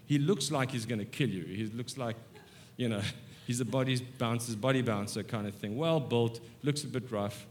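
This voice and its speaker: A man in his fifties preaching a humorous sermon with stories, animated and self-mocking, moving between soft asides and excited bursts. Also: medium pitch, normal speed, slight background noise. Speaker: guest preacher. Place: church sanctuary.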